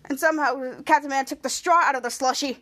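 A woman with a high voice hosts a podcast and recaps a TV episode scene by scene. She rambles, restarts her sentences and giggles as she goes. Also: fast talker, fairly bright tone. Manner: rambling, self-correcting, giggly. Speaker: podcast host.

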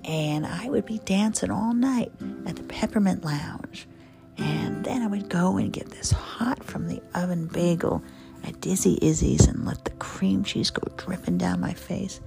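A woman's voice: fairly low pitch, a little slow, creaky, whispered. A woman from New York chatting playfully about food and travel, with lots of asides. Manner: gabby, playful, digressive with asides. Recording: music playing behind the voice.

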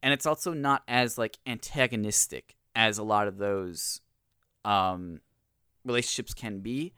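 Male podcast co-host, lowish smooth voice, dry close mic, casual and hedging. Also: unhurried, bright, forceful tone, dry recording. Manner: conversational, hedging with fillers. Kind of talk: casual chat.

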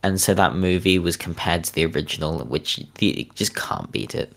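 A man's voice: sits low, normal speed, a bit bright. A young British man with a neutral accent, co-hosting a casual podcast chat, rambling with lots of fillers and cynical asides. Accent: neutral British, neither northern nor southern. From Britain. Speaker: podcast co-host.

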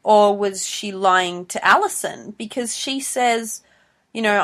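A woman's voice: mid-range voice, takes it slowly, a bit bright. A woman co-hosting a podcast, analyzing a TV show in casual chat and thinking aloud. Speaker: podcast co-host.

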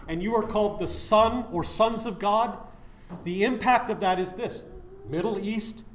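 A man's voice: sits high, reverberant, a little hiss or hum. A man preaching a sermon, putting questions to his listeners and answering them himself.

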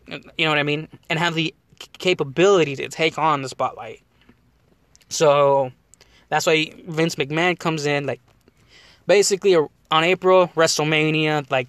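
A podcast host rambling in a loose, animated way about wrestling, laughing often. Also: male voice, a little high, no room sound. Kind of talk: casual wrestling chat.

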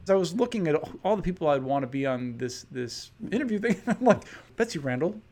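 A man's voice: a little high, very animated, fairly quick, darkish tone. A man from Chicago hosting an interview, enthusiastic and laughing often as he chats. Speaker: host. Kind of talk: casual interview chat.

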